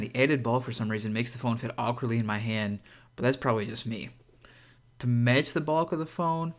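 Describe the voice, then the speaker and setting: A man's voice: mid-range voice, a bit bright. A man hosting his own channel and giving a casual product review, talking to viewers in a conversational, upbeat and direct way, with frequent asides. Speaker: tech reviewer and channel host.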